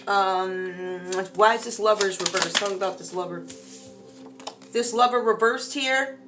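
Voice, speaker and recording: A woman's voice: mid-range voice, measured pace, music in the background. Chatty woman reading tarot cards. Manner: chatty, animated, slangy asides. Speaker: tarot reader. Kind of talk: casual tarot reading monologue.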